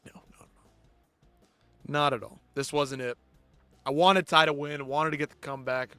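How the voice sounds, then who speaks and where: A man's voice: fairly high pitch, fairly even intonation, normal speed, pushed and bright, smooth, no room sound, faint music behind. A man hosting a live post-fight show, ranting bluntly and with heavy swearing. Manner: blunt, profane, exasperated ranting. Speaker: host.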